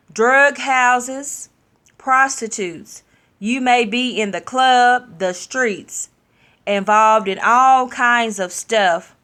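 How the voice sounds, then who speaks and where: A woman sharing a personal testimony in a sermon style, speaking openly and leaning slowly into her key phrases. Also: on the high side, sharp tone. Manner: slow, drawn-out emphasis, candid and personal.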